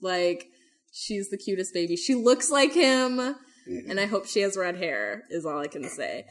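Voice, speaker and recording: A woman's voice: medium pitch, lively intonation, unhurried. A young woman co-hosting a podcast, chatting casually with lots of fillers and swearing. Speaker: podcast co-host. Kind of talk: casual chat.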